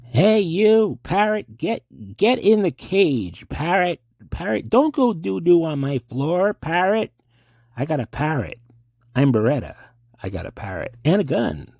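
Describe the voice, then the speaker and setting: Brief: a man doing a swaggering, hammy tough-guy cop. Gravelly, dark, husky delivery, dry sound. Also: fairly high pitch, sing-song, measured pace, no room sound, full character voice. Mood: gruff bravado. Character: man impersonating a gruff TV cop actor. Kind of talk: comedy sketch impression.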